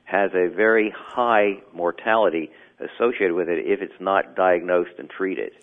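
A man explaining sleep medicine as an interview guest, measured and clinical. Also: low-pitched, vocal fry. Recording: tinny phone line.

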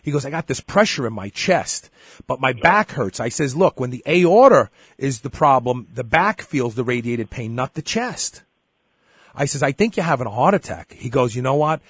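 A man's voice: mid-range voice, moderate pace, slightly rough, dry recording, studio quality. A middle-aged man hosting a show, telling a story in casual chat and acting out the dialogue. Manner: animated storyteller, acts out dialogue. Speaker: show host.

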